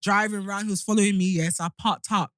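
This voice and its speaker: A young woman, co-hosting a podcast in casual chat, telling stories in an animated way and swearing freely. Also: mid-range voice, fast talker, no room sound, clean studio sound. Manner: animated storytelling, swears freely, acts out shouting. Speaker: podcast co-host.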